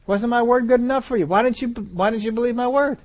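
A man voicing Jesus gently scolding a doubting believer within a sermon. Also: extremely high pitch, quick pace, pitched above the performer's own voice. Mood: reproachful.

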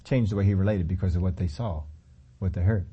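A man's voice: sits low, fast talker, dark tone, breathy edge, highs cut off. A man preaching a sermon in a conversational way, acting out lines of scripture dialogue as he tells the story.

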